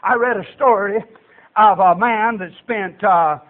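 A man preaching a folksy storytelling sermon, acting out voices and building to shouts. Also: high voice, measured pace. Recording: tinny phone-like radio broadcast.

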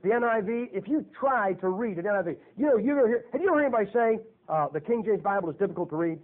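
Male preacher, high voice, folksy and emphatic, phone-thin audio. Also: expressive, racing. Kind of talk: sermon. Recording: tinny phone-like lo-fi recording.

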